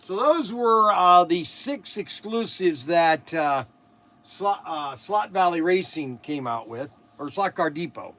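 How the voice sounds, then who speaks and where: A man hosts a casual livestream and rambles from one story to the next. He laughs at his own anecdotes and often trails off before starting a sentence over. His voice sits a little higher than most men's. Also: lively intonation, takes it slowly, a bit bright. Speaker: livestream host.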